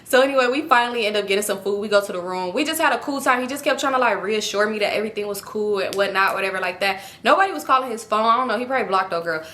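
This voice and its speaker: A woman's voice: mid-range voice, lively intonation, very fast, few pauses, sharp tone, slight background noise. A woman vlogger telling a personal story in a casual, candid and profane way.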